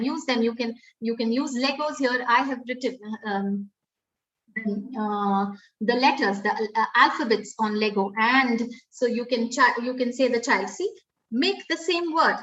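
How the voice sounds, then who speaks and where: A fairly high-voiced woman with an Indian English accent speaks from a little way off the microphone, and her audio is dull. She teaches step by step in a webinar and often restarts with "uh" and "um.". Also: fairly bright tone, far from the mic. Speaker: pre-primary educator giving a webinar. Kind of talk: webinar talk.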